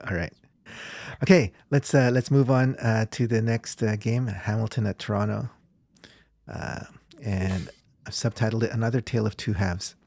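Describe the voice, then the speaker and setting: A man's voice: on the low side, steady tone, moderate pace, vocal fry, darkish tone, no echo, studio quality. A man hosting a casual sports podcast, reading out viewer comments and laughing often.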